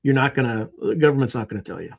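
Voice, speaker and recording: Male podcast guest, lively anecdote-teller, mid-range voice. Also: mid-range voice, rapid-fire, creaky. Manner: animated storyteller who acts out quotes. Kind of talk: conversational interview.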